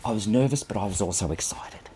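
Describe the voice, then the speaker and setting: A man's voice: lowish voice, lively intonation, fast, background noise. A man in his fifties, a photographer, tells a personal story in an earnest, reflective and self-deprecating way, speaking into a clip-on microphone.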